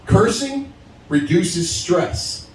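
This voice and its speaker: A man in his forties doing a stand-up set at an open mic, animated as he tells stories and acts out phone calls. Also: high voice, drawn-out words. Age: 40s. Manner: animated storytelling, acts out phone calls, laughs at own jokes. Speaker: stand-up comedian. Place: stage at a live open mic. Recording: roomy venue sound from a distance.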